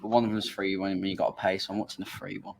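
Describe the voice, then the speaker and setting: A man's voice: deep voice, little pitch movement, racing, gravelly, slight background noise. Rambling, hesitant man. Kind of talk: casual banter on a live stream.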